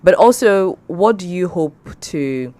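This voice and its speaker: A woman interviewer with a low, lively voice asks her questions playfully and laughs often. She talks in a relaxed, casual way. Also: unhurried, no echo. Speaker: interviewer, host.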